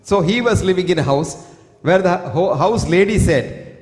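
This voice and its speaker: A high-pitched man with an Indian English accent lectures emphatically and in a preachy way, reciting Sanskrit verses between points. His voice rings through an echoey hall with a long reverb tail. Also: expressive, normal speed. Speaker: doctor giving a health lecture. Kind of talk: public health lecture. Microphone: single fixed stand mic.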